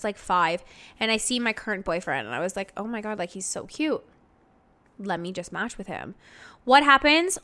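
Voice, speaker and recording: A woman's voice: medium pitch, a bit bright, smooth. A woman in her thirties hosting a podcast, chatting casually in a rambling way full of "like". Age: 30s. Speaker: podcast host. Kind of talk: casual chat.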